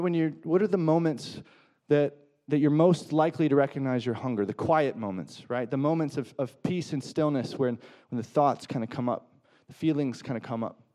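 A man's voice: medium pitch, warm tone. A man pastor giving a conversational sermon, asking rhetorical questions and acting out quoted voices.

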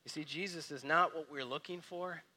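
A man preaching a sermon, telling stories with lively energy and dropping to quiet, soft reflection. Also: on the high side, normal speed. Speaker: pastor.

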